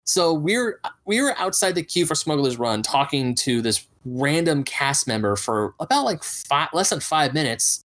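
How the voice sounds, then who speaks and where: A man's voice: a little high, very animated, unhurried, hardly any pauses, a bit bright. A man co-hosting a podcast, telling a story in casual chat and acting out the voices of people he quotes. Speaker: podcast co-host.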